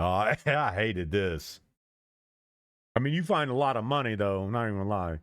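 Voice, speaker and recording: A man's voice: medium pitch, a bit bright, no echo, clean studio sound. A man streaming, giving casual chatty reaction commentary and laughing often.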